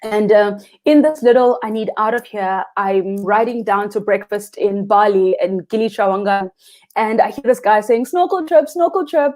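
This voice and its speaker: A woman's voice: mid-range voice, fairly even intonation, normal speed, darkish tone. A South African woman, a guest freediving instructor, telling a story animatedly, acting out quotes and laughing often. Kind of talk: casual interview storytelling.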